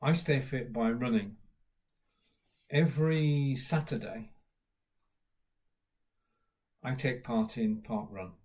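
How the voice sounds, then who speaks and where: Host, male, British accent, casual rambling live-stream chat, fillers, medium pitch. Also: unhurried, darkish tone. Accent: British English. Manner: chatty, greets viewers by name, lots of uh fillers. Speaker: livestream host.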